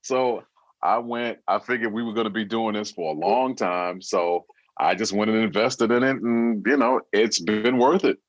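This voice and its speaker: A man's voice: on the low side, steady tone, normal speed, no room sound, lo-fi sound. A man who is a guest in a casual interview, joking, telling stories, imitating voices and laughing often. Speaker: guest singer.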